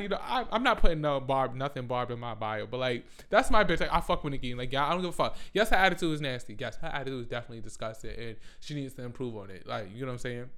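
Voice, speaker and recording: Ranting, foul-mouthed man, smooth voice. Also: mid-range voice. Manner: animated, swearing, loud bursts of outrage. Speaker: vlogger. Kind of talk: profane pop-culture rant.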